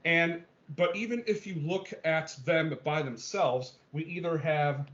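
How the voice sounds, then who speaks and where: A male music theory teacher with a slightly high, somewhat bright voice lectures an online class a little slowly and with few pauses. He explains things step by step, saying "okay" and "um" often and checking that students follow. The video-call audio is dull and lo-fi.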